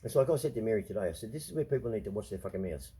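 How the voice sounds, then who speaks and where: A man's voice: fairly low pitch, animated, racing, warm tone, husky. A man talking straight to camera in a rambling personal monologue, swearing often and repeating himself as he defends his feelings. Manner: profane, emphatic, repeats himself; restless, defensive, confiding. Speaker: vlogger.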